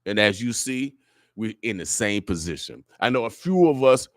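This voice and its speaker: A man's voice: fairly low pitch, expressive, moderate pace, no room sound. Preachy radio host man, dry close sound. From Omaha, Nebraska, USA. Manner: emphatic and sermon-like, with repeated "oh yeah" refrains. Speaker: radio morning show host. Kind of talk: preachy motivational radio talk. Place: radio studio.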